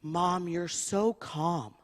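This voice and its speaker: A woman rabbi quoting her young daughter's admiring words in a soft, earnest tone. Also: lowish voice, fairly even intonation, very slow. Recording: long hall reverb.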